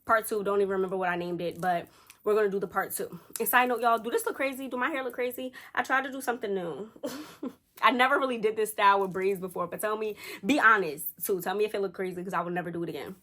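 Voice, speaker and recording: This young woman is at home doing a casual storytime vlog, chatty and animated as she acts out other people's quotes. Her voice is mid-range and her pace quick.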